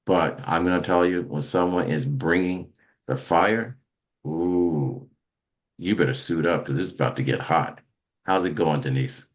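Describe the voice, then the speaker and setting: Very deep-voiced man hosting a motivational show. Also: a little slow. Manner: preachy, emphatic, with many restarts. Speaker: host. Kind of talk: motivational podcast talk.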